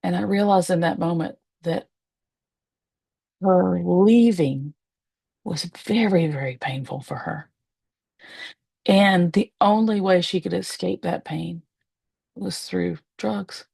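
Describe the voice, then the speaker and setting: A woman with a low, husky, gravelly voice tells her own story to the camera from a chair at home. She speaks candidly and with feeling, pausing often and letting soft laughs slip through. The sound is close and dry. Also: no echo. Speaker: medium and spiritualist. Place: at home, seated in a rocking chair.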